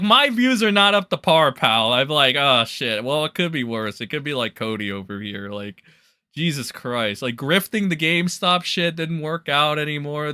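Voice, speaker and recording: Bright-voiced man ranting mockingly. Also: mid-range voice, no echo, clean studio sound. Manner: mocking, ranting, heavy swearing, many "like" and "all right" fillers. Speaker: livestream commentary host. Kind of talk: profane reaction commentary.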